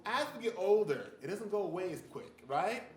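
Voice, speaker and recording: A man's voice: sits high, moderate pace. A man preaching a sermon, talking conversationally and often checking in with "right?". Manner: conversational, animated, frequent "right?" asides. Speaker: pastor. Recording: echoey room, faint ambience.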